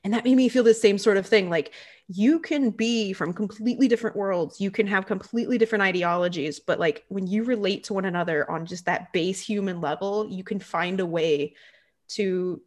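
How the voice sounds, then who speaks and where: A woman hosting a casual chat about a film, animated and quick to laugh, acting out other people's lines. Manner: animated, laughs often, acts out voices with big pitch jumps.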